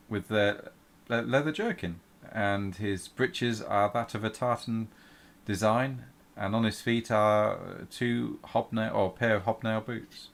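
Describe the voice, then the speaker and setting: A man narrating a tabletop game as game master, in a halting way with many restarts. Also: on the low side.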